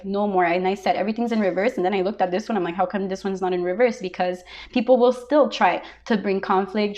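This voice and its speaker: A woman's voice: medium pitch, a little hiss or hum. A woman giving a casual tarot reading, blunt and emphatic, who swears freely. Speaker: tarot reader.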